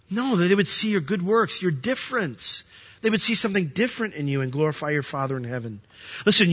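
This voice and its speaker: A man preaching a sermon as pastor, animated, acting out the voices of the people he quotes. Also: high voice, husky. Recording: dull lo-fi sound.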